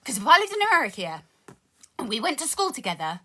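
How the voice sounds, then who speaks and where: Her high voice swoops wildly in pitch, quick and pushed with a bright edge, as this woman from the UK goes live on her phone. She alternates intense, sweary rap verses with casual chat.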